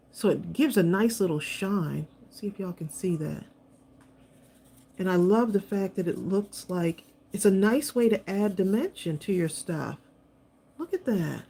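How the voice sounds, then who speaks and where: A woman's voice: lowish voice, expressive, measured pace, vocal fry, warm tone, husky. A woman hosting a live crafting stream, chatting with viewers and laughing often as she demonstrates supplies. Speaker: craft channel host.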